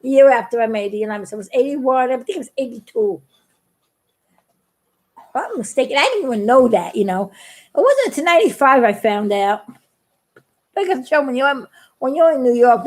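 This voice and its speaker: A woman's voice: mid-range voice, darkish tone. A middle-aged woman chatting to her viewers in a rambling personal story, giggling often and restarting her sentences. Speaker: vlogger.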